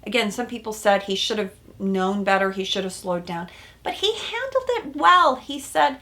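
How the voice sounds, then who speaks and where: A woman therapist hosting a casual recap of a reality show, animated and emphatic, with frequent "right?" asides. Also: mid-range voice, moderate pace.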